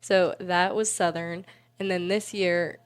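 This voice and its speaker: A woman's voice: lowish voice, steady tone, takes it slowly, clear, resonant tone. Giggly young woman chatting casually. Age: 20s. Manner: bubbly, giggly, many "like"s. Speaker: interview guest, PA student. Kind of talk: casual interview chat.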